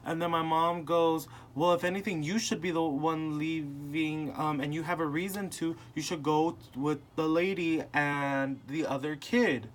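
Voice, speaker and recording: Young man with a higher voice telling a story. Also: a little slow, few pauses, slight background noise. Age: young adult. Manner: animated, acting out family members in retold dialogue. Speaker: podcast host. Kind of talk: casual personal storytelling.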